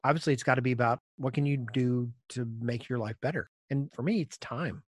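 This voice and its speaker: Husky middle-aged guy chatting on a podcast, tells stories with lots of energy, dry sound. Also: medium pitch, brisk, dry recording. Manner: animated storyteller, acts out quoted voices. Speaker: podcast co-host. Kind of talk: casual chat.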